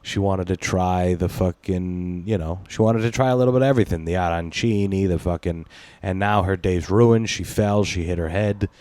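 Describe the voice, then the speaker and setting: A man with a deep, low voice hosts a casual podcast, rambling through loose banter, swearing freely and breaking into laughter. The sound is dry and close, with no room around it. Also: moderate pace, hardly any pauses, darkish tone, dry recording. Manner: rambling, profane, laughs often. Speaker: podcast host. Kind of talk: casual chat.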